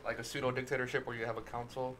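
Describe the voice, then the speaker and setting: A man in casual podcast chat, rapid and hesitant with fillers. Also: mid-range voice, flat delivery, music in the background. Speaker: podcast co-host.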